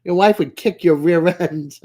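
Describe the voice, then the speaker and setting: A woman's voice: lowish voice, a little slow, dark tone. A woman hosting a casual livestream from home, giggly and teasing as she chats with her viewers by name. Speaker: livestream host. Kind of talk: casual chat with live viewers.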